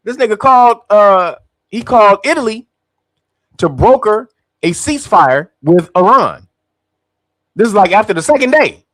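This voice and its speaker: High-voiced man in profane, mocking commentary. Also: expressive, moderate pace, pauses often, a bit bright, no echo. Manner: profane, mocking, laughs often, acts out voices. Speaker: commentary host. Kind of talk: casual political commentary.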